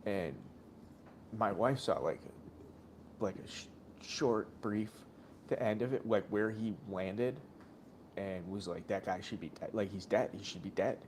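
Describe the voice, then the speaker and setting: A man's voice: fairly low pitch, unhurried, pauses often, darkish tone, a little hiss or hum. A man co-hosting a casual sports stream, telling a long rambling story full of swearing and acted-out quotes. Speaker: podcast co-host watching a game.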